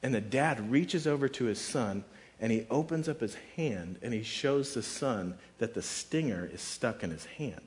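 A male pastor preaching in an easy, conversational way, leaning on "like" as he talks. He slips into the voices of the people he quotes, then falls back to plain explaining. His pitch sits at an ordinary middle level for a man. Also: lively intonation, moderate pace. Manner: casual and conversational, with frequent "like" fillers. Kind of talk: sermon.

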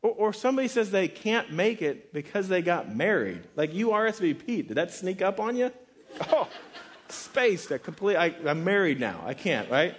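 A man preaching a relaxed, conversational sermon on a Bible passage, joking and saying "like" often. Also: sits high, a little fast, few pauses. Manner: relaxed and joking, heavy use of "like". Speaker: pastor teaching a Bible passage.

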